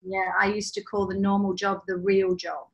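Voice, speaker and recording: A woman in her forties with an Australian accent, a guest telling her story in a relaxed, self-deprecating way. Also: mid-range voice, normal speed, reverberant, highs cut off. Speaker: guest, entrepreneur. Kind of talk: casual interview conversation.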